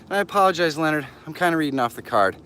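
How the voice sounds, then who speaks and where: A man hosting a live stream, casually chatting and excitedly greeting viewers by name while walking outdoors, a little out of breath. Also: rapid-fire, a little hiss or hum. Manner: enthusiastic, greets viewers by name, jumps in pitch. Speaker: livestream host.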